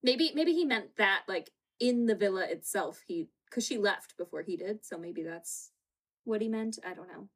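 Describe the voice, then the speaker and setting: A woman's voice: medium pitch, expressive, normal speed, a bit bright. A woman co-hosting a casual chat, laughing often as she retells scenes. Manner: giggly, retells scenes with quoted voices. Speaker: podcast co-host. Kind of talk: casual chat recapping a reality show. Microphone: home setup with green screen.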